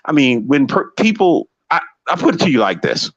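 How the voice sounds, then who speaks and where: Fired up guy on a live stream, pitch jumping all over, dry sound. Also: normal speed, no room sound, highs cut off. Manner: animated, repetitive, heated. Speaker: guest on a live show. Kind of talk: casual live-stream talk.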